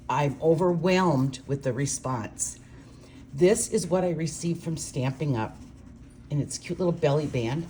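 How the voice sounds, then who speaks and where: A low-pitched older woman talks through a card-making tutorial in a chatty, gushing way. A faint hiss of noise sits behind her voice. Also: mellow. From Minnesota, USA. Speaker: craft demonstrator.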